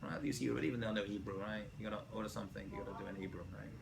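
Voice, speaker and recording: A man, a rabbi, giving a casual classroom lecture to students, animated and often checking in with "right?". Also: lowish voice, rapid-fire, creaky, background noise. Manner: animated, asks students questions, frequent "right?". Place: college lecture room.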